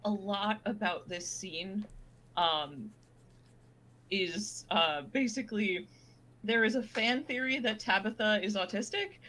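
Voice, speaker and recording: A woman's voice: mid-range voice, slow, fairly bright tone, low-quality recording. A woman co-streaming a game, chatting casually and joking about the story. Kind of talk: casual chat.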